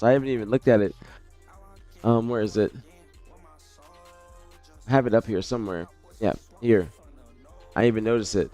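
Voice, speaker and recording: A man's voice: on the low side, mellow. A man streaming live, talking casually in a loose, rambling way, correcting himself mid-sentence and swearing now and then.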